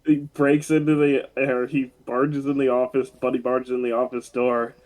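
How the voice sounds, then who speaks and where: Man, podcast co-host, casual chat, rambling, filler-heavy, mid pitch. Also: flat delivery, moderate pace, a little mellow, low-quality recording. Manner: rambling retelling with many fillers and laughs.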